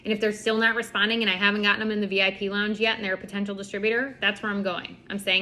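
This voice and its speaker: A young woman talks her team through follow-up tips in a loose, chatty way. Her voice sits at a middle pitch. She keeps slipping into acted-out bits of her own messages to prospects. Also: level tone, bright, forceful tone, a little hiss or hum. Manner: chatty, fast-talking, lots of "like" and acted-out quotes. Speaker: network marketing team leader. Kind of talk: casual coaching talk to her team.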